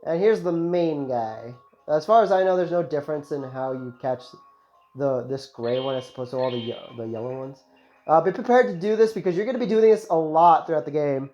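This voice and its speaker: This let's play host has a fairly high, dark-toned voice and speaks a little fast, offering casual, joking, rambling commentary full of self-mockery as he plays a video game. The recording is slightly muffled, with game music in the background.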